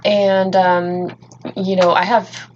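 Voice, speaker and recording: Woman, late 20s, low-ish voice, halting and earnest, slightly dull recording. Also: little pitch movement, a little mellow, slight background noise. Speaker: podcast co-host. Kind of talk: casual self-introduction.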